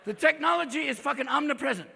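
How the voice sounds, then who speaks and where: A man in his fifties doing a manic, profane stand-up comedy set on a theater stage, jumping between rapid-fire character voices. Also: extremely high pitch, creaky, bright, forceful tone, slight background noise. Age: 50s. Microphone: stage microphone. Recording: live theater recording with long reverb and crowd. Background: audience laughter.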